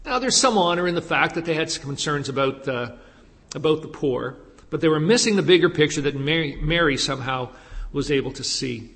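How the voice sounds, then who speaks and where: Man, pastor, sermon, emphatic, rhetorical questions, somewhat high voice, long hall reverb. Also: expressive, fairly quick, a bit bright.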